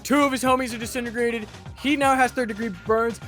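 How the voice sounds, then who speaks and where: A man's voice: extremely high pitch, steady tone, brisk, a bit bright, faint music behind. Man narrating as dungeon master. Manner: descriptive narration, playful asides. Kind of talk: narrating a tabletop game.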